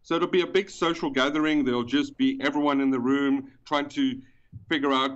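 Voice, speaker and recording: A man's voice: mid-range voice, fairly even intonation. South African man on a dull, lo-fi line. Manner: explanatory, with frequent pauses and fillers. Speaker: guest, event organizer. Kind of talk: podcast interview. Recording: dull, lo-fi sound.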